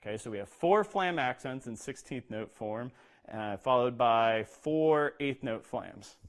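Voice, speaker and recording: A man's voice: medium pitch, lively intonation, measured pace, slight background noise. Man teaching drum rudiments step by step. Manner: explains step by step, says "okay?" often, speaks rudiment names in a rhythm. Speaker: percussion instructor. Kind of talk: instructional talk with demonstration.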